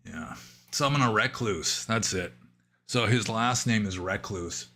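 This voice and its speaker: A man answering viewer questions on a livestream, thinking aloud in a casual, rambling way with pauses and asides. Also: fairly low pitch, sharp tone. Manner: musing, thinking aloud with fillers and trailing asides. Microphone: livestream microphone.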